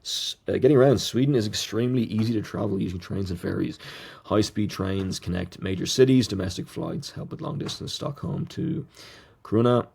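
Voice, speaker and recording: A man's voice: lowish voice, a little fast, gravelly, darkish tone, breathy edge. A man hosting a solo podcast, reading through a list of notes and stumbling over foreign words with small asides. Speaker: podcast host.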